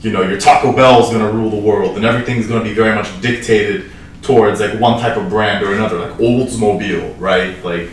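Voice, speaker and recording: A film podcast co-host gives his opinionated take on a movie in casual talk, full of "like" and "right?". His voice is on the low side, steady and quick, captured by a far mic in an echoey room with faint hiss.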